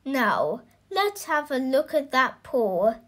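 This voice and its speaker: A woman voicing a kindly male vet in a storybook reading, calm and reassuring. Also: high-pitched, slow pace, heavily acted. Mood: soothing.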